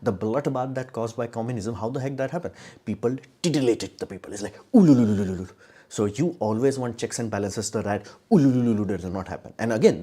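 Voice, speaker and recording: A man's voice: fairly low pitch, mellow, slightly rough. A man giving casual live-stream commentary in a blunt, sarcastic way, rambling with many restarts. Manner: blunt, sarcastic, mocks views in put-on quotes.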